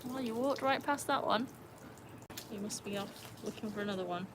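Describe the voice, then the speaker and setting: A young woman hosting a casual live stream by a pool at night. She chats, laughs often and calls to her dogs in a high sing-song voice. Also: brisk, noisy background. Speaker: livestream host. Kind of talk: casual live-stream chat reading comments.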